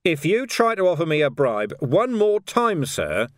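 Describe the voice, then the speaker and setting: Gruff stern watch sergeant, read by a man, curt, by the book. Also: medium pitch, sing-song, moderate pace, a bit bright, no echo, pitched above the performer's own voice. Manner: curt, dry, by-the-rules.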